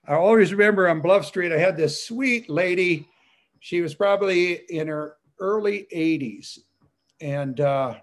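A man sharing a rambling personal testimony with fellow believers, chatty and full of "you know" fillers with frequent chuckles. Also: high voice.

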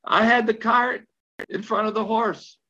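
A man's voice: sits high, fairly even intonation, unhurried, sharp tone. An older man preaching a sermon, telling a story with repeated phrases and questions to his listeners. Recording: slightly dull lo-fi recording.

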